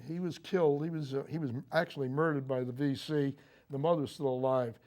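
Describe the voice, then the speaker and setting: An older man, a Marine veteran, recounting his memories in a TV interview, speaking haltingly with frequent fillers and restarts. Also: a little high, fairly even intonation, darkish tone. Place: local TV studio.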